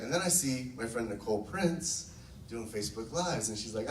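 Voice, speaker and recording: A man's voice: mid-range voice, expressive, moderate pace, over a noisy crowd. A man talking casually and enthusiastically to a group, telling his own story and acting out what others said. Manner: enthusiastic, storytelling, acts out quotes. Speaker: network marketing distributor. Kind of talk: casual testimonial talk to a group. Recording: echoey room, mic from far off.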